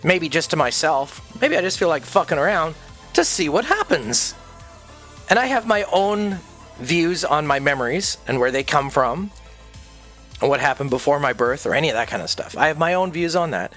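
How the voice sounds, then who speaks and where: High-voiced man ranting profanely. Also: sing-song, normal speed, a bit bright, faint music behind. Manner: profane, intense and rambling. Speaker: streamer. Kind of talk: ranting livestream monologue.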